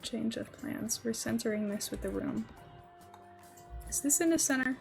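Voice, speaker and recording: A young woman rambles through a casual livestream, thinking aloud as she goes. Her voice sits a touch high, with soft music playing faintly underneath. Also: normal speed, vocal fry. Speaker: streamer. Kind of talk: casual livestream chat while building in a game.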